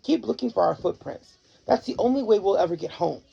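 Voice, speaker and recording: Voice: medium pitch, lively intonation, brisk, creaky, warm tone, breathy edge, highs cut off, faint music behind, voice pushed up, heavily acted. A reader voicing a bossy, scheming male lead dog who snaps orders at his pack. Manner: bossy, snapping.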